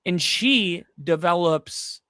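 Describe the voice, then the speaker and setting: A man's voice: high voice, slow, clear, resonant tone, no room sound, clean studio sound. A man co-hosting a casual football podcast, telling stories animatedly and acting out the quotes. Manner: animated storyteller, acts out quotes. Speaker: podcast co-host. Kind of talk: casual sports chat.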